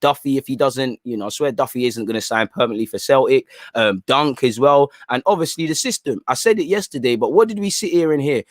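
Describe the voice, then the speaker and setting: A man hosts a football livestream in loose, rambling chat full of slang. His pitch sits in an ordinary middle range. The sound is dry and close, with no room echo. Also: animated, fast talker, hardly any pauses. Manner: rambling, slangy, peppers talk with "man" and "bro". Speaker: football channel host.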